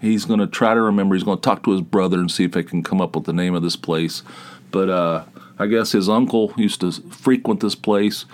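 Rambling low-voiced male podcast host. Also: a little fast. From northeastern Pennsylvania. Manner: digressive, self-deprecating, repeats words and restarts. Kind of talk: rambling solo podcast monologue.

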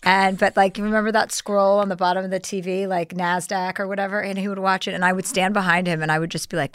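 A woman's voice: medium pitch, level tone, fast talker, few pauses, fairly bright tone, smooth, no room sound. A woman comedian, telling profane stories in a casual studio chat and acting out voices. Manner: profane, storytelling, acts out voices. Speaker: comedian guest.

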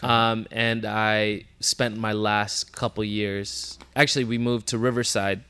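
Podcast guest, male, 30s, from Southern California. Smooth, slightly low, dry. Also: level tone, takes it slowly, pushed and bright, dry recording. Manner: upbeat, rambling with filler. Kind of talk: casual chat.

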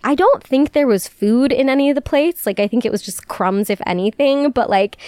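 A woman's voice: mid-range voice, clear, resonant tone, dry recording, clean studio sound. A young woman from the Chicago area hosting a podcast, chatting casually and confessionally, joking at her own expense and laughing often. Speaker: podcast host.

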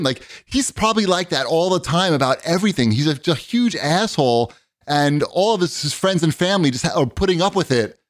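A man hosting a podcast, telling an animated story with plenty of swearing and acted-out quotes. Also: on the high side. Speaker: podcast host. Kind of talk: casual chat, storytelling.

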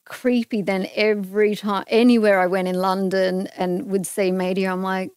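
Speaking at a moderate pace in a clear, resonant mid-range voice, this middle-aged Australian woman shares a personal anecdote as a podcast guest. She's lively and performs the dialogue casually, and the studio-quality audio carries no room sound.

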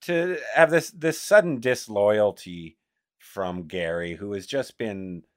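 A man's voice: on the low side, takes it slowly. A man co-hosting a podcast, reacting to a TV episode in exasperated, swearing casual chat. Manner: exasperated, swearing, rising and falling delivery. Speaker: podcast co-host.

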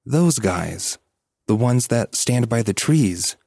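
A man's voice: mid-range voice, expressive, takes it slowly, creaky, warm tone, no room sound, studio quality, voice pushed up, heavily acted. A man voicing a cheerful three-year-old girl who talks in a matter-of-fact, mildly exasperated way. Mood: insistent.

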